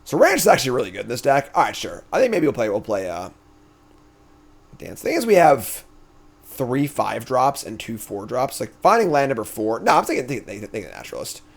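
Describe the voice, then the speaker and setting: A man's voice: medium pitch, a little fast, vocal fry. A man streams himself playing a card game and talks through every choice as he goes. His voice swings up and down with lots of life, and he sounds loose and chatty. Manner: chatty, thinks aloud, animated swings in energy. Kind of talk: casual gameplay commentary.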